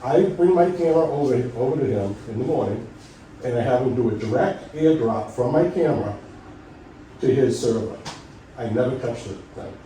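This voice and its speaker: A man's voice: medium pitch, lively intonation, moderate pace, warm tone, recorded from a distance, slight background noise. Insistent middle-aged man, echoey meeting room. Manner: insistent, argumentative, lecturing. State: losing his voice. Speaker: resident speaking at public comment. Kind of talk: public meeting remarks.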